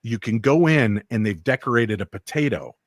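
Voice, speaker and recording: A man in a casual chat who tosses in dry, deadpan jokes. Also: mid-range voice, normal speed, no room sound.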